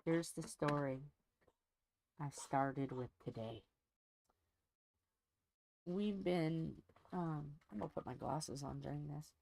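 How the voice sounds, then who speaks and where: A woman's voice: low-pitched, slow, vocal fry, long pauses, a little mellow, slight background noise. A woman hosting a diamond painting channel, chatting casually while she crafts and telling a rambling, folksy story from home.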